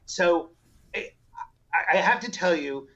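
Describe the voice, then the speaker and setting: A psychiatrist in his sixties, a podcast guest telling family stories in a casual, animated way and acting out the voices he quotes. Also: sits high, unhurried, highs cut off. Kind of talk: casual storytelling interview.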